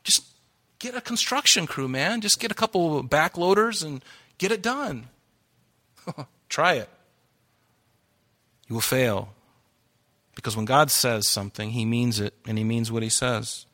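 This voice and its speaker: A man's voice: medium pitch, animated, measured pace, long pauses, pushed and bright. A man preaching a sermon to a congregation, fervent and worked up, breaking into laughs and asides. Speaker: pastor. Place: church hall before a congregation.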